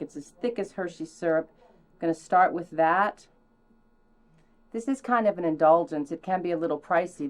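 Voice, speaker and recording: A theatrical woman runs a cooking demonstration in a chatty, playful way. Her voice sits a little low for a woman, and she lets it leap up into high exclamations. Now and then she tosses in mock French phrases. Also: a little mellow. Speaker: cooking show host.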